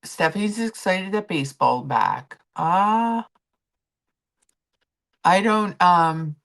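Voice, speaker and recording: A woman's voice: lowish voice, expressive, slow, creaky. A woman hosting a live stream, chatting casually and telling stories while reading messages from her chat.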